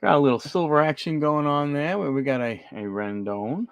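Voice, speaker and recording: A card break host runs a live card-opening stream, greeting viewers by name and calling out player names as he flips through cards. His voice is fairly high and moderately paced, and the audio is dull and dry, with no room sound.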